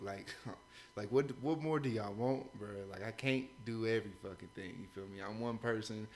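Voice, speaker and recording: A man's voice: on the low side, normal speed, a little mellow. A man co-hosting a podcast, ranting heatedly in slangy, profane casual talk. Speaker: podcast co-host. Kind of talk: casual chat.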